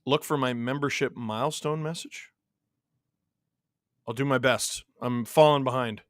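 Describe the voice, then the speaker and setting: A man from Canada hosting a live hockey watch-along, mixing excited play-by-play with reading chat messages and shouting on big plays. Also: mid-range voice, a little slow, dry recording, clean studio sound. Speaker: livestream host watching a hockey game.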